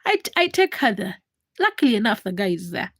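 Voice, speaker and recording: A woman in her twenties, hosting a livestream and telling a personal story in a casual, animated way, acting out the voices of the people in it. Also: mid-range voice, fast talker, breathy edge, dry recording. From Uganda. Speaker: livestream host.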